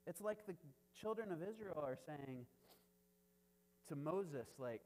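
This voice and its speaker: A man's voice: sits high, sing-song, unhurried, long pauses. Man preaching casually in a reverberant hall. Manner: conversational preaching, frequent "right?" asides, chuckles. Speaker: pastor. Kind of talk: sermon.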